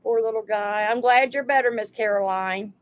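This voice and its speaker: A woman's voice: fairly high pitch, normal speed, low-quality recording. A woman hosting a live sale stream, chatting homily and greeting viewers by name as she prices items. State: overheated.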